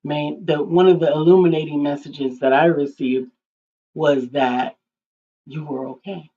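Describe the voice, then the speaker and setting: A woman's voice: sits low, fairly even intonation, measured pace, warm tone. A woman co-hosting an online talk show, reflecting thoughtfully on a story and quoting scripture. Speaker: podcast co-host. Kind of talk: reflective conversation. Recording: dull lo-fi stream audio.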